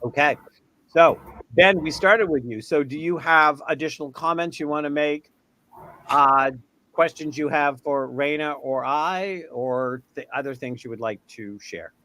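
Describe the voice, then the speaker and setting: A man's voice: fairly high pitch, unhurried, sharp tone. A man hosting a spiritual panel on a video call, talking in a chatty, meandering way with playful asides, and losing his voice. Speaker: panel host.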